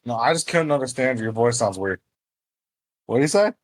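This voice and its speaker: A man's voice: medium pitch, animated, moderate pace, no echo. A man playing a tabletop game, blunt and joking, cursing freely in casual banter. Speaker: player.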